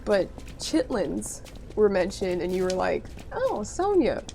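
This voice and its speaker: A woman's voice: lowish voice, steady tone, measured pace, gravelly, mellow. A woman streaming a game, chatting casually with viewers, reading their messages aloud and answering with playful mock outrage. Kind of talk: casual gameplay chat with viewers.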